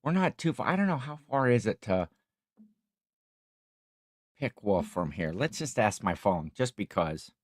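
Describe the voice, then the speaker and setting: A man's voice: lowish voice, expressive, a little slow, pauses often, no echo, clean studio sound. A tired middle-aged man hosting a casual livestream, chatting and reading viewer comments in a rambling, jokey way. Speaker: livestream host.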